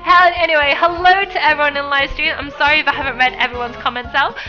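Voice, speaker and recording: A woman's voice: high-pitched, fairly even intonation, quick pace, bright, forceful tone, muffled recording, soft background music. A young woman live streaming a game, chatting with viewers and greeting them by name. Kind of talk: live stream chat while gaming.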